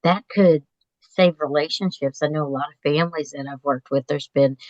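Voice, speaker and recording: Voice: medium pitch, steady tone, normal speed, dry recording, lo-fi sound. A host interviewing a guest, talking in an enthusiastic, reflective way with many fillers. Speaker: host, therapist. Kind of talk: conversational interview.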